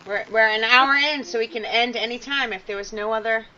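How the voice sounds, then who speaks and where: A woman co-hosting a chat show, teasing and offhand, often trailing off quietly. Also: on the high side, brisk. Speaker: podcast co-host. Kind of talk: casual chat. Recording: dull lo-fi stream audio.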